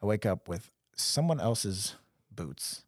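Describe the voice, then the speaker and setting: A man's voice: fairly low pitch, expressive, slow, breathy edge, no room sound, studio quality. A young man telling stories in casual podcast chat, acting out quotes in different voices. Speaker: podcast co-host.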